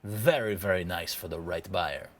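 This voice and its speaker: A man voicing a smooth-talking male armor merchant who pitches his wares with salesman patter. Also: moderate pace. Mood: boastful. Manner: salesman patter, drops to a confiding hush.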